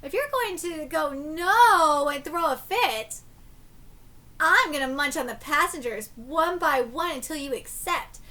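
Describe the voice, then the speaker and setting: A woman reading aloud and voicing a sly teenage girl ghost who mixes bubbly slang with quiet threats. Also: high-pitched, lively intonation, a little slow, voice pushed down, full character voice. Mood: threatening.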